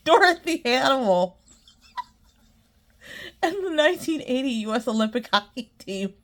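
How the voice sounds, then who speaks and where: A woman with a high, fairly bright voice hosts her own podcast, chatting casually and a little slowly in a very animated way. She rambles, uses many fillers, and often breaks into giggles.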